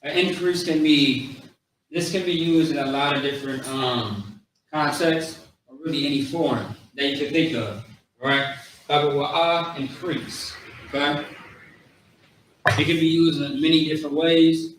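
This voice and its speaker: A man teaching a language class, slowly drilling words one by one with casual asides. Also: a little high, a bit bright, slight background noise. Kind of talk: classroom lesson. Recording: very echoey room, voice from far off.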